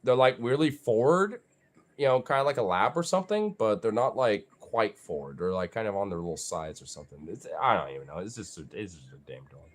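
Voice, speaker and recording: A man's voice: on the low side, big pitch swings, a little fast. Young guy rambling at his dogs, lots of likes and cussing, voice bouncing all over. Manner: rambling, profane, full of fillers. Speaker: vlogger. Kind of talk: casual chat to camera and his dogs.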